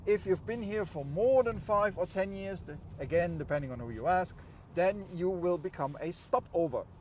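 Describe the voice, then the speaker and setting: A man's voice: high-pitched, expressive, moderate pace, a little mellow. A middle-aged man with a slight German accent chats in an upbeat, explanatory way as he vlogs from an open-top car. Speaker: vlogger. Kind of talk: casual vlog while driving. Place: open-top convertible outdoors. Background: road and vehicle noise.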